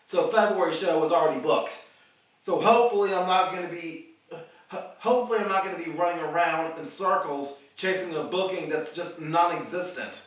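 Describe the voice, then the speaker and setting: A man's voice: fairly high pitch, moderate pace, fairly bright tone. Rambling man in an echoey room. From the Carolinas. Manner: rambling, repeats words and restarts often. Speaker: independent wrestler and vlog host. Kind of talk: casual rambling monologue. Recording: echoey room, mic at a distance.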